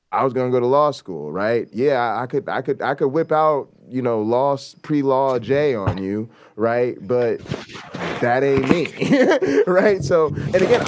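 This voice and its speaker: With a mid-range voice, a male talk show host delivers casual, blunt commentary. He's emphatic, curses often, and keeps tossing in a rhetorical "right?"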